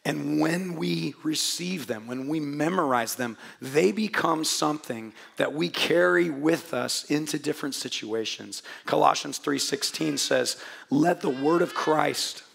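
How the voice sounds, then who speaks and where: Hoarse gravelly guy preaching a sermon, a bit high for a man, chatty, cracks jokes. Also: a little slow, fairly bright tone. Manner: chatty, joking, restarts often. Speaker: pastor. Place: church hall before a congregation.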